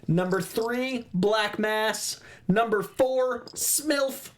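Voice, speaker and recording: A man's voice: sits high, extremely slow, a little hiss or hum. A man raised around Boston, co-hosting a casual TV review chat, riffing playfully with puns and asides. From Boston area. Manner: playful, wordplay-loving, riffing. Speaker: co-host.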